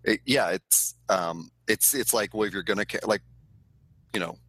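Low bright-voiced hesitant podcast man. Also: husky, no room sound. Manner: hesitant, halting, laughs often. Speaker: podcast co-host. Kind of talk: casual chat about movies.

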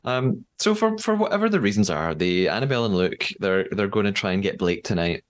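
A man's voice: on the low side, fairly quick. A man with an English accent hosting a podcast, animatedly retelling events and acting out quotes. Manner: animated storytelling, acts out quotes. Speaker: podcast host. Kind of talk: casual recap chat.

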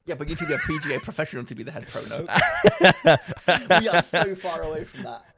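Excitable higher-voiced man, lively. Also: racing, crowd noise. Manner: excitable, animated, stumbles over words. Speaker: podcast co-host. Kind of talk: casual chat.

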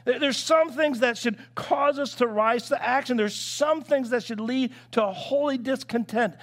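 A man preaching to his church congregation in a fairly high voice. He tells stories and acts out what people said, often restarting his sentences as he goes. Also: moderate pace, a bit bright. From United States. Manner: storytelling with acted-out quotes and repeated restarts. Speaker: pastor. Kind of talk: sermon.

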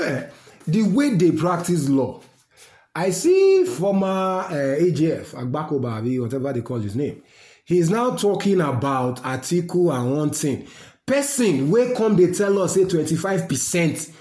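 A man's voice: fairly high pitch, a little mellow. A man with a Nigerian accent, delivering a fiery, rambling political rant to his listeners. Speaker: political commentator. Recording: roomy echo.

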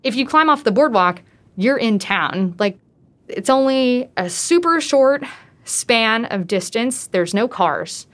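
A woman's voice: fairly high pitch, animated, slow pace, fairly bright tone. A woman casually telling her own true story, talking in a loose way with frequent "like" fillers.

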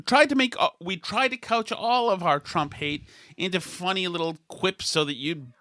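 A man's voice: high voice, animated, normal speed, sharp tone, dry recording. A man in his fifties from Massachusetts, hosting a podcast with casual political chat and meandering storytelling full of restarts. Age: 50s. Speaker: podcast host.

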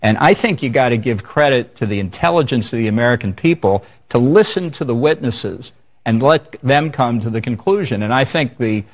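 A man's voice: mid-range voice, expressive. Assertive man in a TV interview. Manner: measured, assertive, argumentative. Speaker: interview guest. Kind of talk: televised interview answer.

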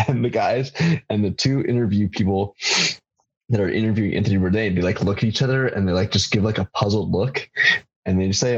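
A man in casual podcast chat, telling stories loosely with halting ums. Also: on the low side, steady tone, breathy edge, dull audio.

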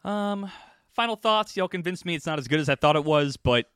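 A laid-back man chats casually on a podcast and says "y'all" along the way. His voice is bright and sits dry and close on the mic. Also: fairly high pitch, expressive, a little fast, clear, resonant tone, dry recording. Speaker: podcast co-host. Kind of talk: casual chat about anime.

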